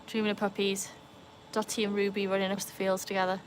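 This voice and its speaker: A woman's voice: mid-range voice, monotone, quick pace, slight background noise. A woman with a Welsh accent hosts a casual livestream outdoors by a pool, chatting to viewers and reading their comments over a phone. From Wales. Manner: chatty, reads and answers comments. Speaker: livestream host. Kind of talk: casual live chat.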